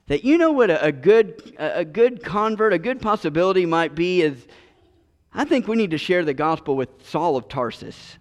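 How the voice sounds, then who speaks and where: A man preaching a sermon as pastor, earnest, often repeating and restarting his words. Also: fairly high pitch. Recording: long reverb of a large hall.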